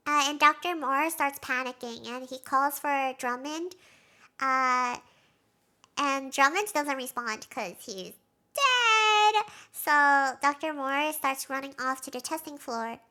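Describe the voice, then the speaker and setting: A woman streamer casually recapping a show, excitable, laughing often and saying "like" a lot. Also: high voice, a little slow.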